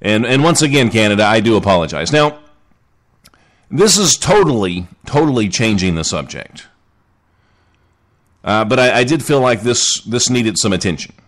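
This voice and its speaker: A man's voice: on the low side, very animated, moderate pace, pauses often, a bit bright. A man hosting a casual live podcast, joking and chatting with listeners in the chat. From Southern United States. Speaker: podcast host.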